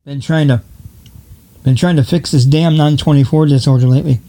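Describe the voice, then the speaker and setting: Hosting his own podcast from home, a man rambles through profane, jokey rants and laughs frequently. His voice is on the high side, a little fast, with fairly even intonation, and the home mic picks up loud static.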